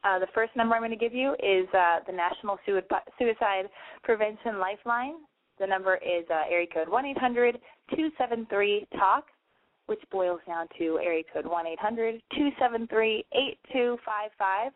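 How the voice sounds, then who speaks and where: A woman's voice: mid-range voice, normal speed, no room sound. Profane, rambling young woman host. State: nasal from a cold. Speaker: call-in advice show host. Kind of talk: rambling online radio rant. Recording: tinny phone-like line, dry.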